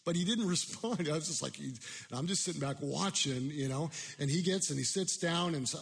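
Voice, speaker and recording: A man's voice: fairly high pitch, brisk, vocal fry, husky, long reverb tail. A man preaching a sermon, telling a personal story in a self-deprecating way with many restarts.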